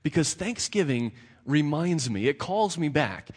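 A man's voice: a little high, very animated, a little slow, husky. A man, a pastor giving a conversational sermon who repeats words as he builds his points. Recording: long reverb of a large hall.

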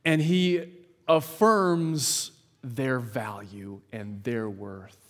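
A man preaching a sermon in a measured, emphatic way, with dramatic pauses, in a large church hall. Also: medium pitch. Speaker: pastor. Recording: long hall reverb.

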